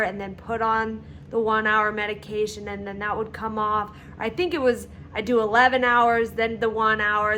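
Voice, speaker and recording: A woman telling her own story in a vlog, candid and halting, with frequent fillers and pauses as she recalls events. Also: medium pitch, bright, forceful tone, a little hiss or hum.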